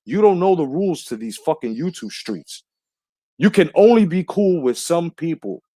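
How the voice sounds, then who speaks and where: A man's voice: a little high, sing-song, normal speed, warm tone. A man with a slightly raised voice tells a grievance in a heated, indignant, profane tone. He is a boxing channel commentator giving a casual monologue, recorded with a close, dry sound and no room echo.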